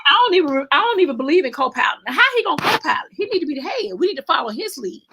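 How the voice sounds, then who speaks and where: High-voiced Southern woman hosting. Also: very fast, noisy background. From Alabama. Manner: lively, preachy, animated storytelling. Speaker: talk show host. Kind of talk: casual Christian talk show interview.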